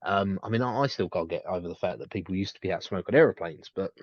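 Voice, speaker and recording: Brief: male podcast co-host, lowish voice, rambling with fillers, muffled dead-dry mic. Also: quick pace, no echo. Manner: rambling, many restarts and fillers. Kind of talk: casual chat.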